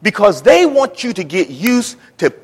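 A middle-aged man preaching a sermon in a church, emphatic and repetitive, building up to shouting. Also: sits high, sing-song, measured pace, breathy edge. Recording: long church reverb.

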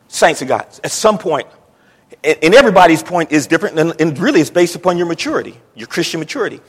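High, lively preacher with a husky edge. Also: male voice, quick pace. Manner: emphatic, repetitive, builds to shouting. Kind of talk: sermon. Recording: long church reverb.

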